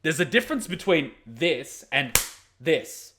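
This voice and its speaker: A man's voice: fairly high pitch, very animated, moderate pace, a bit bright, a little hiss or hum. A man hosting an anime reaction video, giving blunt, profane, mocking commentary on the fight.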